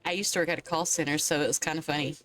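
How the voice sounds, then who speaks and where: A woman's voice: low-pitched, fairly even intonation, rapid-fire, fairly bright tone, faint music behind. A woman from Southwest Virginia with a Southwest Virginian accent, chatting casually on a stream, swearing and laughing often.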